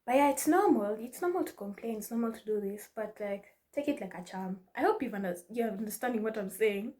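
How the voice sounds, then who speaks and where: A young woman giving casual life advice to her viewers, animated and laughing often, mixing in Swahili slang. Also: on the high side, brisk. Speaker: vlogger. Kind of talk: casual advice talk to camera.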